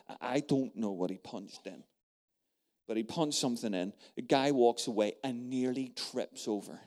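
Guy preaching a sermon, lots of stories, punchy and emphatic then goes all hushed, normal middle voice. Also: mid-range voice, normal speed. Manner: emphatic and animated, dropping to a hush in stories. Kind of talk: storytelling sermon to a congregation.

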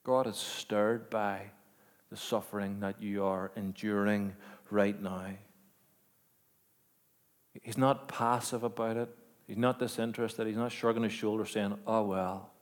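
A man preaching a sermon, moving between quiet, measured storytelling and loud, emphatic declarations with rhetorical questions. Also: lowish voice, fairly even intonation. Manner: dynamic, swings from hushed to emphatic, rhetorical questions.

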